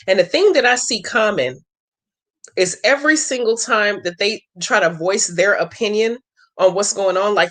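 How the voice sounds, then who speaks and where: A woman's voice: medium pitch, animated, moderate pace, fairly bright tone. A woman hosting a question-and-answer vlog, chatting in a blunt, profane way and telling stories full of examples. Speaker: channel host answering viewer questions. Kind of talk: casual vlog talk.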